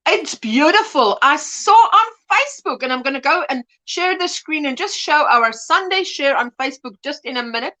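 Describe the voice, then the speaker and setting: Bright, lively woman hosting a chat stream. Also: sits high, normal speed, few pauses. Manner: chatty, greets viewers by name. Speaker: livestream host. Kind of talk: casual chat, reading viewer comments aloud.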